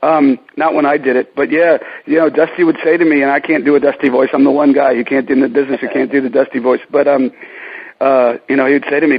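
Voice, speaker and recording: A man's voice: on the high side, steady tone, quick pace, slightly rough, muffled recording. A man being interviewed about his career, telling stories casually with many restarts and fillers. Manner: rambling, many ums and restarts. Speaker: ring announcer guest.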